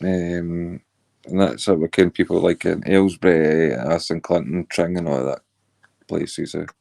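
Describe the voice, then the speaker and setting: A man's voice: deep voice, steady tone, unhurried, gravelly, mellow. A blunt, sweary man with a Scottish accent, ranting in a casual panel chat. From Scotland. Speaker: panel caller.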